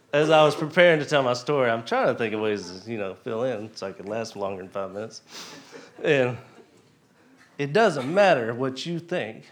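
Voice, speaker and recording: A man giving a casual testimony at a church service, chatty and chuckling, often asking the crowd questions. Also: mid-range voice. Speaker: lay speaker giving a testimony. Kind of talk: informal church talk.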